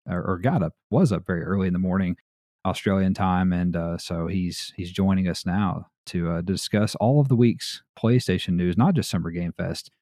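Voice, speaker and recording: A man's voice: low-pitched, warm tone, no echo, clean studio sound. A man with an American Southern drawl hosting a podcast in a laid-back, rambling way, with plenty of fillers and laughs. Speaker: podcast host. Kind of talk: casual podcast chat.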